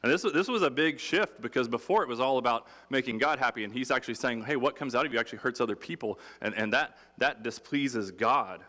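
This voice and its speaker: A man preaching a sermon in a relaxed, conversational and humorous way, acting out quotes. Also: medium pitch, a little fast, few pauses. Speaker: pastor. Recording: long hall reverb.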